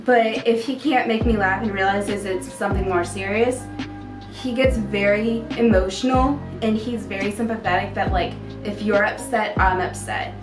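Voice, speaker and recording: A woman's voice: mid-range voice, steady tone, moderate pace. A young woman talking casually about her boyfriend, chatty and full of "like". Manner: chatty, lots of "like". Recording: roomy, distant, music behind.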